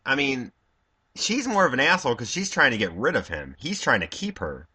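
A man's voice: mid-range voice, wildly swooping pitch, a little fast, sharp tone, breathy edge. A man chatting casually about movies with a friend, matter-of-fact and laid-back. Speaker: podcast co-host. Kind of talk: casual chat.

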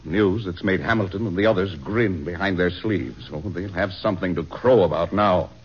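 An actor playing a middle-aged president, weary and full of doubt, with brooding, sighing delivery in 1940s radio style. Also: male voice, deep voice, normal speed, slightly rough. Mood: troubled. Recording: dull old radio recording.

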